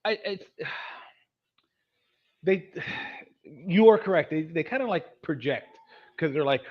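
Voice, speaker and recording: A man in his thirties hosting a casual chat, rambling and animated, often mocking voices. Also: fairly high pitch, slow, long pauses. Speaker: host. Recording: dull lo-fi sound.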